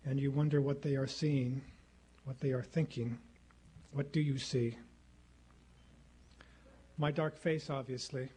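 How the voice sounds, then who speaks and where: A middle-aged man giving a formal public lecture at a podium microphone in a lecture hall, speaking in a measured, rhetorical way and repeating phrases for effect. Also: mid-range voice, mellow, slight background noise. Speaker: guest lecturer.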